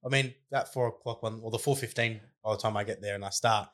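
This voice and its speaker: Fast-talking male interviewer. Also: fairly low pitch. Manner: relaxed and chatty, with "um" and "I mean". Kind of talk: casual interview chat.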